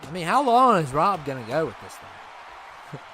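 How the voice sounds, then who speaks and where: A man's voice: fairly high pitch, very animated, measured pace, pushed and bright, a little hiss or hum. A man hosting a livestream, chatting casually and rambling with his viewers, laughing easily. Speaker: livestream host.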